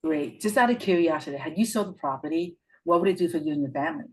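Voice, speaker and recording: A woman's voice: deep voice, lively intonation, fast, low-quality recording. A woman real estate agent in a training workshop, talking hesitantly and laughing easily. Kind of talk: workshop role-play and chat.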